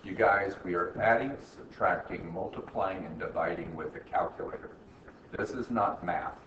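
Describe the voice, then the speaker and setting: Captured from a distance in an echoey classroom, the muffled audio carries faint hiss. A low-pitched man from the United States teaches accounting at normal speed, constantly asking "right?" and teasing students with wry jokes.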